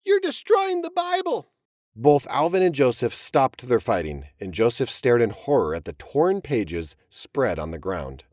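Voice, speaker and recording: Animated male storyteller, dry close sound. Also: mid-range voice, measured pace, hardly any pauses, no room sound. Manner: expressive storytelling reading. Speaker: narrator. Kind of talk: dramatic audiobook narration.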